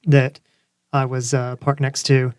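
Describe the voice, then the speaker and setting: Relaxed rambling man, dry close mic. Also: medium pitch, unhurried, smooth, no room sound. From Georgia, USA. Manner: relaxed, rambling with frequent fillers. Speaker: podcast guest. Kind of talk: casual chat.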